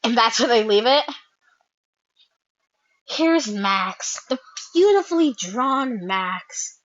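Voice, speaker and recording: A woman reading a fan comic aloud and reacting, excitable and quick to squeal and laugh. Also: a little high, no echo. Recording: slightly dull lo-fi mic.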